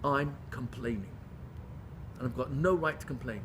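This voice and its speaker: A man teaching a Torah class to a group. He questions his listeners and swings between loud pleading and hushed intimacy. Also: mid-range voice, normal speed, background noise. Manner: questions the audience. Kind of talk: Torah lecture to a live group.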